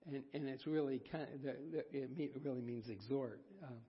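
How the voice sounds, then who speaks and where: A man preaching a folksy, self-deprecating sermon, with halting restarts. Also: mid-range voice, slightly rough. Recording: dull sound, long hall reverb.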